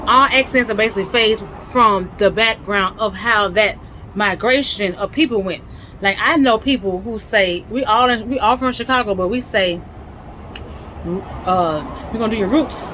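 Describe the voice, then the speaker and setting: A woman's voice: medium pitch, moderate pace, pushed and bright, slight background noise, poor audio. A woman with a Southern US accent, explaining history in a chatty, folksy way with lots of asides. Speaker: host teaching history. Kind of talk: casual explainer talk.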